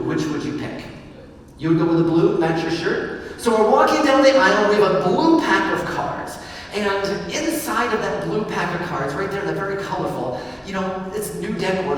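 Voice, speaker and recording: Man, keynote speaker, playful, energetic, crowd banter, long hall reverb, distant mic. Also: fairly high pitch, slight background noise. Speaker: keynote speaker and business magician. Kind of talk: lively conference keynote with audience banter. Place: large event hall. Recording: echoey hall from far off.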